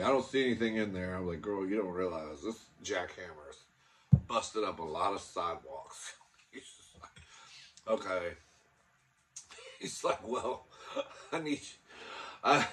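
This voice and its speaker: A man's voice: mid-range voice, fairly bright tone. A man vlogging, telling a story in a flamboyant way, calling the listener "girl" and acting out the other people in it. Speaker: mukbang vlogger. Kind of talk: storytelling vlog. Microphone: phone camera.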